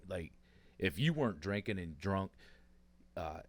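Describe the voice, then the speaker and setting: A man with a somewhat low voice chats casually on a podcast. He rambles through his stories, leaning on plenty of fillers, and the recording is dry, with no room sound. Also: lively intonation, a little slow, no room sound. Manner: rambling, filler-heavy storytelling. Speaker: podcast co-host. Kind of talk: casual chat.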